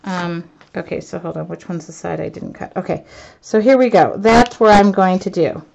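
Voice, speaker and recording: A woman artist chatting to her live viewers as she works, excitable and self-mocking, laughing often. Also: fairly low pitch, normal speed, creaky. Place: home art studio, indoors. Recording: dull lo-fi stream audio.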